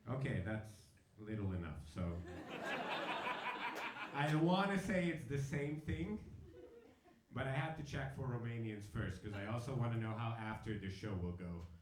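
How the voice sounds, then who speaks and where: A man's voice: medium pitch, animated, normal speed, noisy background. A young man doing a stand-up comedy set, chatty and riffing with the audience. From Hungary and South Africa. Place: comedy venue with live audience. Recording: roomy live venue with crowd laughter. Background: audience laughing.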